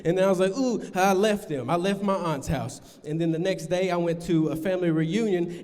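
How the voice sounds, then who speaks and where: A man's voice: a little fast, hardly any pauses, darkish tone. Man doing stand-up in a reverberant venue. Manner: loose storytelling with high squeaky voices for other people. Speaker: stand-up comedian. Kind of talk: stand-up comedy set. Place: comedy venue stage with live audience.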